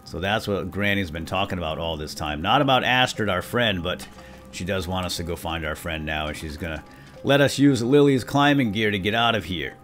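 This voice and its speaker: A young man with a very low, deep voice commentates his way through a survival game, chatty and upbeat as he talks to his viewers. He breaks into sudden loud exclamations now and then, and soft game music plays behind him. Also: fairly quick. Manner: bursts into loud excited exclamations. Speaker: gaming video host. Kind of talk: let's play commentary.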